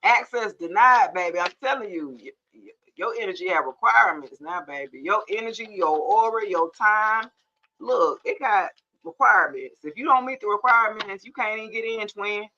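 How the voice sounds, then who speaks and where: A woman's voice: mid-range voice, expressive, normal speed, sharp tone, highs cut off, a little hiss or hum. Sassy woman giving a blunt tarot reading. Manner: sassy, blunt, laughing asides. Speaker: tarot reader. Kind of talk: casual tarot reading to camera. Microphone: phone or camera mic.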